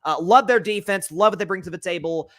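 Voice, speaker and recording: A young man runs his own sports podcast. He talks in an energetic, opinionated way, full of fillers and self-corrections. The sound is dry and close, with no room echo. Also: high voice, brisk. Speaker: podcast host. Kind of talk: solo sports commentary podcast.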